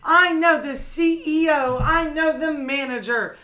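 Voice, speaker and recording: A woman voicing a furious, entitled elderly woman customer, shrill and raging as she retells a story. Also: a little slow, bright, forceful tone.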